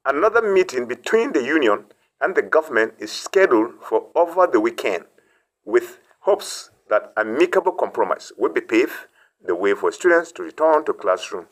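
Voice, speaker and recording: A man's voice: fairly high pitch, very animated, moderate pace, creaky, low-quality recording. A man delivering a scripted news report as correspondent in a formal way.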